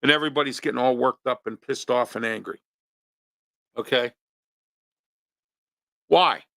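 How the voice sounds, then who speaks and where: A man's voice: medium pitch, steady tone, fairly quick, gravelly, fairly bright tone, dry recording. A man from hosting a local talk show, ranting his opinions with pointed rhetorical questions. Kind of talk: opinionated monologue.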